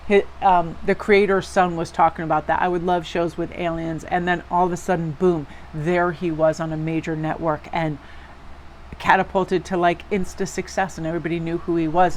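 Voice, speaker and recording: Low-voiced Northeastern American woman. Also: a little hiss or hum. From Connecticut, USA. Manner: chatty and encouraging, with rambling asides. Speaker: tarot reader. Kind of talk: casual spoken tarot reading to viewers.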